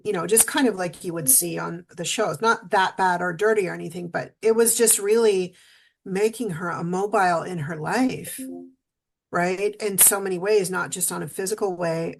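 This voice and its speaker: A woman telling a personal story as a guest in an interview, animated and quoting herself and others as she goes, emotional at times. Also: mid-range voice, vocal fry. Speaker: guest speaker.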